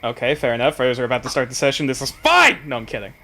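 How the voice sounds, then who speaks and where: A man's voice: medium pitch, rapid-fire. A man running a tabletop game as game master, talking casually and narrating scenes with many restarts. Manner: animated, rambling with restarts and laughs. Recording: faint background music.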